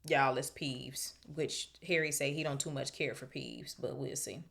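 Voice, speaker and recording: A woman's voice: very deep voice, normal speed, gravelly, fairly bright tone. A woman hosting a book club podcast, reading a novel aloud and breaking off for chatty, slangy asides. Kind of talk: book reading with casual commentary.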